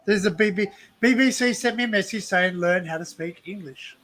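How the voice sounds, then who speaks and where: A man's voice: high-pitched, brisk, a bit bright. An Australian man hosting a livestream in casual chat, teasing his friends and laughing often. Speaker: livestream host.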